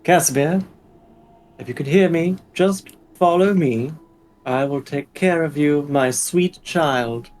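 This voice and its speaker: A man voicing his adventurer in a gentle, motherly tone, soothing a dazed companion. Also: on the high side. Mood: tender. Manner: slow, gentle and tender.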